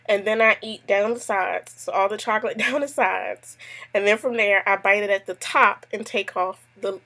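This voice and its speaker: Woman vlogger, casual chat, digressive storyteller, mid pitch. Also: fairly bright tone, husky. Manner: chatty, tells stories with lots of asides. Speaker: YouTube vlogger answering a tag; mother.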